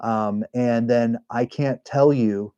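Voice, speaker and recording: Mellow-voiced man hosting a casual livestream. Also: medium pitch, fairly even intonation, slow pace, clear, resonant tone, no echo, highs cut off. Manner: rambling, self-correcting, chatty. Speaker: livestream host and engraving business owner. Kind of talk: casual live-stream chat.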